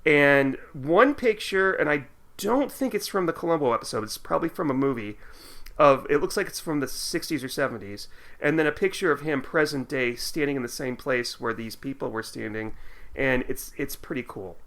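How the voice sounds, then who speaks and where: A man's voice: mid-range voice, expressive, normal speed, fairly bright tone. A man co-hosting a casual podcast chat, reading listener mail aloud with his own asides. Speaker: podcast co-host.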